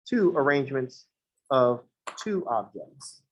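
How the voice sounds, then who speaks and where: A man's voice: medium pitch, lively intonation, takes it slowly, rough recording. A male math instructor lectures in a loose, conversational way. He wanders off into joking asides before getting back to the lesson. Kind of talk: casual classroom lecture.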